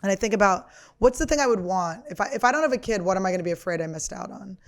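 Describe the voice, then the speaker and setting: A woman in her thirties riffs on a podcast. She talks in a crude, rambling way, full of profanity and jokes at her own expense. Her pitch sits in an ordinary middle range, and the tone stays loose and casual. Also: lively intonation, very fast. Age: 30s. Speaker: podcast host and comedian. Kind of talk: casual comedic monologue.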